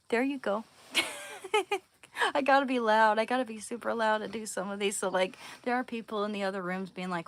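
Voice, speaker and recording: A young woman chatting casually on a livestream at home, giggling and trailing off into soft whispers as she talks to viewers. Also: medium pitch, normal speed, long pauses. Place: home room, indoors.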